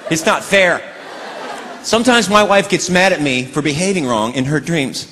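A middle-aged man performing stand-up comedy on a stage, animated and slipping into put-on voices. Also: on the high side, moderate pace, long reverb tail. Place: theater stage before a live audience. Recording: live show with loud crowd noise. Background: audience laughing.

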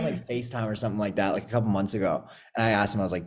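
A man's voice: on the low side, very fast. A man from Canada hosting a podcast in casual chat, rambling and swearing freely with lots of filler words. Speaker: podcast host.

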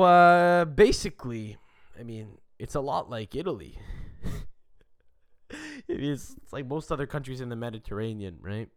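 A young adult man hosting a podcast, telling a story in a rambling, profane, animated rant. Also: lowish voice. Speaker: podcast host.

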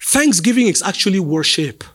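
A pastor preaching a sermon from a church stage, swinging between sing-song cadence and sudden shouts. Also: male voice, high voice, expressive, moderate pace.

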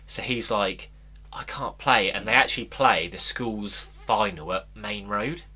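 A man's voice: fairly low pitch, a little slow, sharp tone, breathy edge. A man co-hosting a casual podcast, retelling a film plot in a rambling way and acting out the quotes. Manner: rambling storyteller, acts out quotes. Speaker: podcast co-host. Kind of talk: casual chat.

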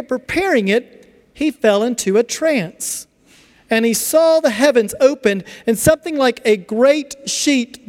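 Pastor guy giving a sermon, lively, acts out little back and forth bits, big hall echo. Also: extremely high pitch. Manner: animated, acts out little dialogues. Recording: long reverb of a large hall.

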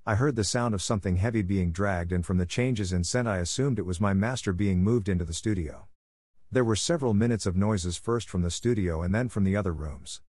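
A man's voice: on the low side, fairly quick, no echo, clean studio sound, natural voice. A man doing a shy little terrier. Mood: telling. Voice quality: soft, self-effacing.

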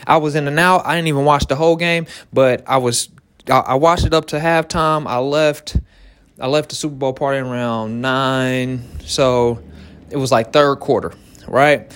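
A man, a small business owner, giving a motivational talk to entrepreneurs in an animated way, repeating key phrases and laughing often. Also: a little high, normal speed, clean tone.

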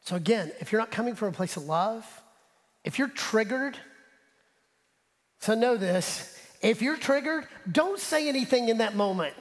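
Male pastor, high voice, animated sermon delivery, long hall reverb behind him. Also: moderate pace. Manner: animated preaching, drops to soft asides; talks straight to the congregation. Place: church sanctuary.

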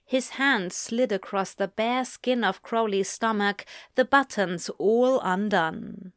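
A woman narrates a story at an unhurried, deliberate pace into a close microphone. Her mid-pitched reading stays even, and the recording is dry. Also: no echo. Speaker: narrator reading fan fiction aloud.

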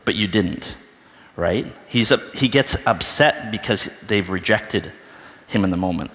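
Low-voiced man preaching in an echoing hall. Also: fairly bright tone. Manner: informal, thinking aloud with frequent "right?". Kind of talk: conversational sermon.

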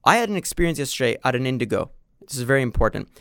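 A man's voice: medium pitch, sing-song, rapid-fire, vocal fry, fairly bright tone, clear, resonant tone, dry recording, studio quality. A man talking casually on a podcast, telling a story and acting out the quoted exchanges. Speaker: podcast guest. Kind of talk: casual conversation.

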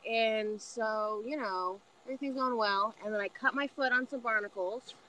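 A woman's voice: fairly high pitch, normal speed, bright, forceful tone, rough recording. A young woman chatting casually with friends outdoors at night, swearing freely and laughing easily as she tells stories. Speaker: podcast co-host. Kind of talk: casual chat among friends.

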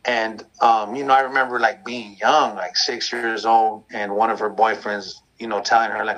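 Man, bright clear tone, candid conversational talk, reflective, lots of fillers. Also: lowish voice, flat delivery, normal speed, hardly any pauses, lo-fi sound. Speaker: guest sharing his story.

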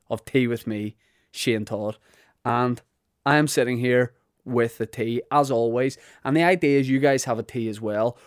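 A man's voice: medium pitch, darkish tone, no echo, clean studio sound. A Northern Irish man hosting a podcast, telling rambling, self-deprecating comic stories. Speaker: podcast host. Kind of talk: comic monologue.

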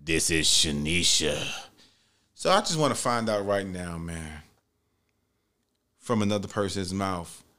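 Animated, swearing podcast host man. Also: mid-range voice. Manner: animated and profane, acts out quotes. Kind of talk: solo storytelling podcast. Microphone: studio mic with headphones.

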